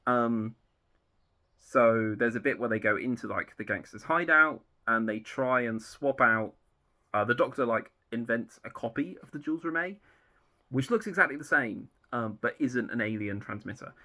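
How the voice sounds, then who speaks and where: Gravelly, sharp-toned man rambling casually. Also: mid-range voice, normal speed. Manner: rambling, loose with many fillers. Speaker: fan writer outlining his own series. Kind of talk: casual plot rundown.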